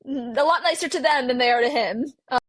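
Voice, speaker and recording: Woman podcast guest with a husky, creaky voice, rambling casually, dry close mic. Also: sits high, fairly quick, dry recording. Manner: rambling, heavy use of "like", many restarts. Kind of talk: casual book discussion.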